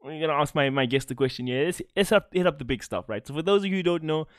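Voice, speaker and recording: A man's voice: on the high side, lively intonation, quick pace, no echo, studio quality. Chatty man hosting. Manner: laughs often, repeats words while rambling. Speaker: podcast host. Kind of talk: casual gaming podcast chat.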